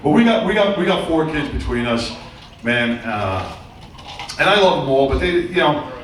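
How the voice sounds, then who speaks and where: A man's voice: fairly high pitch, sing-song, moderate pace. A middle-aged man performing a stand-up comedy routine on a theater stage, telling loose, rambling stories with crude punchlines. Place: theater stage before a live audience. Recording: very echoey, distant room sound with faint noise.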